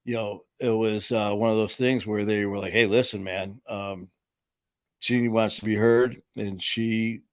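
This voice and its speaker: Unhurried and steady, the host's lowish voice comes through a dry, studio-quality recording. On his casual live stream he rambles and jokes, performing the quotes in his stories.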